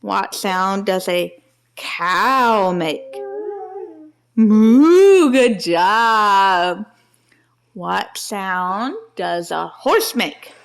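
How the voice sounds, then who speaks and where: A woman's voice: medium pitch, very slow, vocal fry, fairly bright tone, clean tone. A mother talking to her small children in a home video, using coaxing, sing-song baby talk, asking simple questions and praising every answer.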